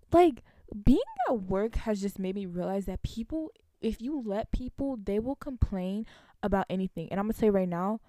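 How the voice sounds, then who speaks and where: A young woman, a college student, venting to her viewers in casual storytime chat, animated and laughing between lines. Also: medium pitch, normal speed, dry recording, clean studio sound. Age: young adult.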